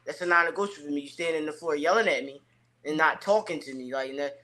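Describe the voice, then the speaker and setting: A man's voice: a little high, quick pace, sharp tone. A man in his thirties talking casually and emphatically on a podcast, with slangy phrasing. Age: 30s. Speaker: podcast guest.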